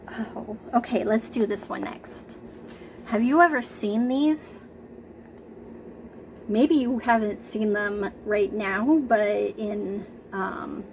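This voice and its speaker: Slow, gentle woman teaching preschoolers. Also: a little high, vocal fry, slight background noise, low-quality recording. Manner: slow, gentle, coaxing talk to young children. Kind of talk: remote preschool lesson. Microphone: computer camera mic.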